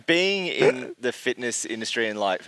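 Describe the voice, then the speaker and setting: A man's voice: mid-range voice, very animated, moderate pace, bright, forceful tone, clear, resonant tone, dry recording, poor audio. An Australian man co-hosting a podcast, talking in a laid-back, slangy, joking way. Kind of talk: casual podcast chat.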